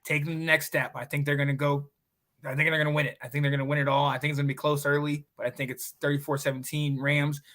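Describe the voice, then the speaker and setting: A man's voice: fairly high pitch, little pitch movement, quick pace, fairly bright tone. A man co-hosting a casual football chat, joking and bantering playfully. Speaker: co-host.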